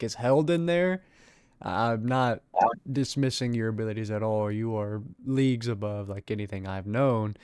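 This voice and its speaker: A man speaking as a player in a tabletop game, earnest and halting. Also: fairly low pitch, smooth, no room sound, studio quality. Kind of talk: in-character tabletop play.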